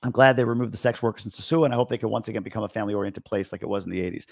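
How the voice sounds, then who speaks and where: A creaky-voiced man from Long Island, New York, in the USA, runs a casual live-stream where he reads viewer comments and fires back blunt, opinionated replies. His voice is on the low side and he talks very fast. The studio-quality recording has no echo.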